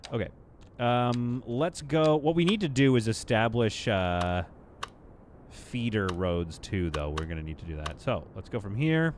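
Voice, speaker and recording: A man's voice: deep voice, a little hiss or hum. A man streaming live gameplay, chatting casually to his viewers and to the game as he builds. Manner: chatty, talks to the game and to chat, playful asides.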